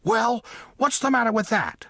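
A man doing a small hoarse boastful mole. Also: very high-pitched, animated, moderate pace, bright, forceful tone, no room sound, clean studio sound, voice pushed up, exaggerated voice. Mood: defiant. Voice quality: small husky voice like a hoarse mouse. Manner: defiant, boastful, repeats himself. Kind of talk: audiobook character voice.

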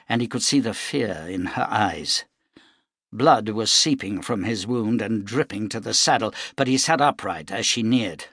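A man narrating an audiobook in measured, dramatic storytelling. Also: mid-range voice, a bit bright, slightly rough, dry recording, clean studio sound. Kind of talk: scripted narration.

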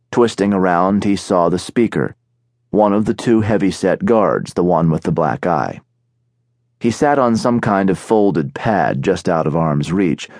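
A man narrating an audiobook in a steady, measured storytelling manner, recorded on a studio microphone. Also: deep voice, no room sound. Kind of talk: scripted narration.

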